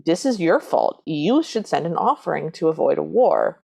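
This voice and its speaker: A woman's voice: low voice, sing-song, moderate pace, vocal fry, mellow, slightly rough. A woman co-hosting a podcast, recapping a movie's plot from her notes with dry, wry asides. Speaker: podcast co-host. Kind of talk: casual chat retelling a movie plot.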